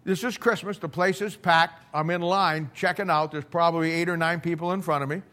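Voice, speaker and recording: A middle-aged man preaching in a loose, conversational way, blunt and folksy. He stumbles and repeats words as he builds his stories. His voice sits a little high for a man. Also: fairly even intonation, a little fast, pushed and bright. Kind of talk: conversational sermon storytelling.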